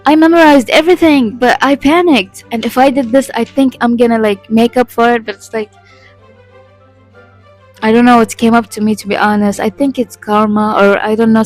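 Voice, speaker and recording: A woman's voice: a little high, darkish tone, low-quality recording. Rambling, profane young woman vlogger. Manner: rambling, profane and self-deprecating, laughing often. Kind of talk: casual storytime vlog.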